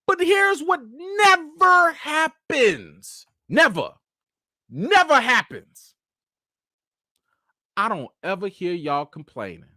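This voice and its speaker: Man hosting a live chat, young, lively swinging pitch, dry close sound, animated and mocking. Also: slow, pauses often, no room sound. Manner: animated, mocking asides, rising to near-shouts. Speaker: show host.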